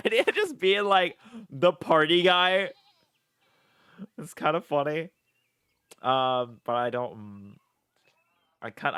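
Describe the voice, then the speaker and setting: A man's voice: medium pitch, dry recording. Hyped guy streaming a game, swears a ton, laughs lots, mid voice. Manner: excitable, swears a lot, laughs often. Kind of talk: live game stream commentary.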